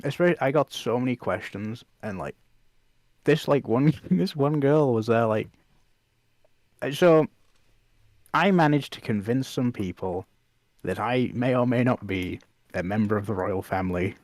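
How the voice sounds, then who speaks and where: A man's voice: medium pitch, expressive, normal speed, long pauses, a little mellow, dry recording. A young man with an English accent, a podcast guest telling stories in a laid-back, laughing way. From England. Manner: laid-back storyteller, laughs often, lots of "like". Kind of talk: casual chat.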